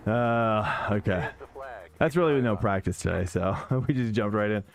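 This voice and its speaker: A man with a lowish voice streams sim racing at a moderate pace, chatting casually to viewers as he drives. He's excitable and keeps restarting and correcting himself, with faint music behind him and a slight hiss or hum on the recording.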